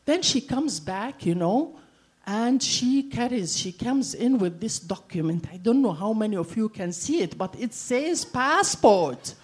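A Palestinian woman with an Arabic accent, telling a story to a live audience and playing every part herself. Her voice sits a touch high for a woman, and she talks in a lively way, full of "you know" fillers. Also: measured pace, breathy edge. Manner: animated, acts out the dialogue, frequent fillers.

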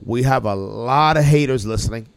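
A man's voice: mid-range voice, moderate pace, vocal fry, clean tone, no echo. A man hosting a casual podcast chat, rambling with many restarts and chuckles. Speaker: podcast host.

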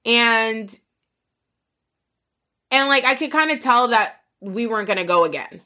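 A woman's voice: a little high, animated, unhurried, sharp tone. A young woman hosting a podcast, telling a story in casual, frank, profane talk full of filler words. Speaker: podcast host.

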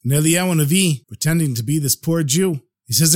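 A man narrating a traditional folk tale on a storytelling podcast in an expressive, animated way. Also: on the high side, brisk, hardly any pauses.

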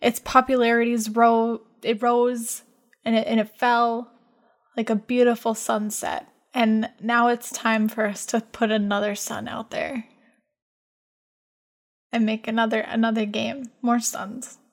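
Woman cohosting a silly podcast, a bit high voice, slow and playful. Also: flat delivery. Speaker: podcast co-host. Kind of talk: comedic podcast banter.

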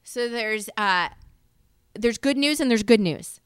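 A woman's voice: on the high side, slow, clean tone, dry recording, clean studio sound. A woman in her forties co-hosting a podcast, chatting casually in a gushing, emotional way. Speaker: podcast co-host. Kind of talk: casual chat.

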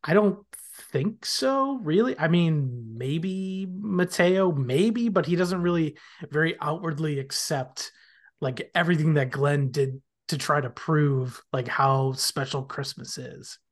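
A man's voice: a little high, animated, slow pace. A man guesting on a podcast, retelling TV scenes line by line in casual chat. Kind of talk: casual chat recapping a TV episode.

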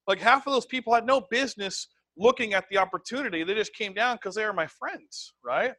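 Male sales trainer teaching a live group; emphatic, conversational, keeps checking in with the room; fairly high voice. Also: dry recording. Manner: emphatic, tags points with "right?" and "okay?"; repeats words, conversational and animated.

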